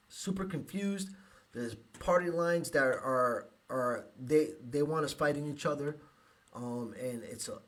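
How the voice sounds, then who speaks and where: A man from the United States hosting a live podcast, speaking emotionally with halting restarts and sighs. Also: medium pitch. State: emotional, close to tears. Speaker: podcast host.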